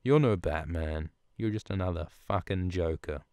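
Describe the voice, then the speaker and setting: A man's voice: low-pitched, moderate pace, dark tone, no echo, clean studio sound. A man voicing a scheming, scornful queen in a comic podcast retelling, with crude, goading taunts. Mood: taunting.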